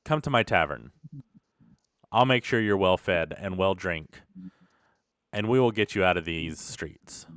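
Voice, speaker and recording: A man as a calm, protective tavern keeper. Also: fairly low pitch, normal speed, few pauses, dry recording, studio quality. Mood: reassuring.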